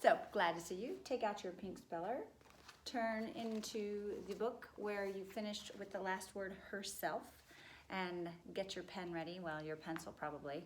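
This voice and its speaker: A woman teaching children a spelling lesson, cheerful and encouraging, spelling words out slowly. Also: mid-range voice, fairly even intonation, echoey room, a little hiss or hum.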